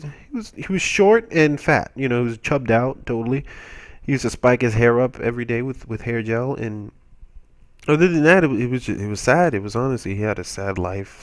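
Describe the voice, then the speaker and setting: Rambling young man telling a silly story. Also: medium pitch. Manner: rambling, self-mocking, playfully exaggerated. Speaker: commentator. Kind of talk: comedic storytelling over gameplay.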